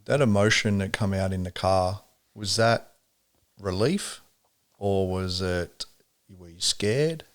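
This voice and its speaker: A man hosting a podcast, asking calm, sympathetic questions and sharing his own story. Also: sits low, slow pace, pauses often. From Australia. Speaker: podcast host. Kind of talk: casual interview talk.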